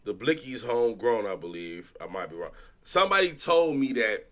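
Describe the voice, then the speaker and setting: A man's voice: medium pitch, sing-song, moderate pace, a bit bright. A man from Chicago reacting to videos on stream, talking loosely and profanely with frequent restarts. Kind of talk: casual reaction stream chat.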